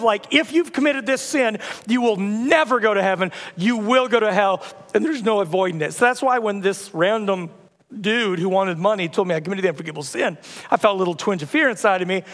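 A man's voice: extremely high pitch, fairly bright tone, long reverb tail. A man preaching a sermon in a church, telling stories in a casual, conversational way with humor. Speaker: pastor. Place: church auditorium.

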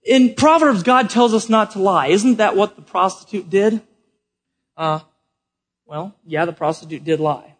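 A man preaching a sermon to a live congregation, swinging from loud emphatic questions to quiet explanation. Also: high voice, unhurried, breathy edge. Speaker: pastor.

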